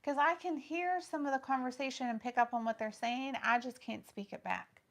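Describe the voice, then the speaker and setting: A woman co-hosting a livestream, reading viewer comments aloud and chatting casually, with frequent pauses and fillers. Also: sits high. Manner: reads out chat comments, hesitant with many fillers. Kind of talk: casual live-stream chat with viewers.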